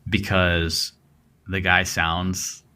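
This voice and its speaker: Man, podcast co-host, very low voice, bright forceful tone, rambling with fillers. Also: little pitch movement, extremely slow, clean tone. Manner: rambling, many fillers and restarts. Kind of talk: casual true-crime discussion.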